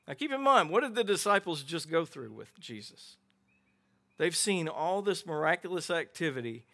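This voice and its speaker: A middle-aged man preaching a sermon as pastor, telling Bible stories with animated voices for the characters. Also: fairly high pitch, normal speed. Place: outdoor gathering without a building.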